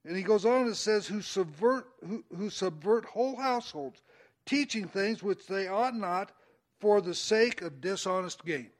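High-voiced man giving folksy Bible teaching. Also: measured pace. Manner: conversational, folksy, rising emphasis on quoted verses. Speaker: preacher.

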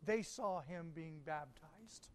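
A man preaching a sermon, reading scripture aloud and speaking with deliberate, emphatic pauses. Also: on the high side.

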